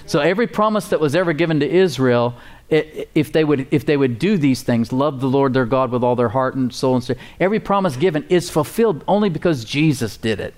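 Fairly quick and darkish in tone, a medium-pitched male pastor preaches to his congregation in church as they respond. His casual, emphatic delivery repeats key words, asks for amens, and wanders into fillers and folksy asides.

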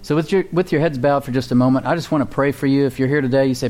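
A man's voice: medium pitch, steady tone, rapid-fire, hardly any pauses, darkish tone, faint music behind. A male pastor preaching a sermon and leading a prayer, with a preaching cadence and call-and-response with the congregation.

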